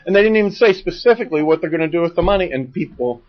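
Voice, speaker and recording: A man co-hosting a stock market show, joking with his partner and remarking on share offerings. His pitch swings widely as he speaks and he laughs often. The sound is dull and lo-fi. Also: animated, very fast. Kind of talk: casual banter, market commentary.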